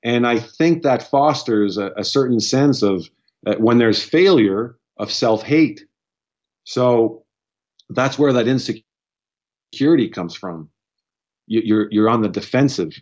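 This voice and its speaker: A man's voice: medium pitch, slow, darkish tone, dull audio. A man speaking as a guest in casual chat, blunt and profane, often restarting his sentences. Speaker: podcast guest.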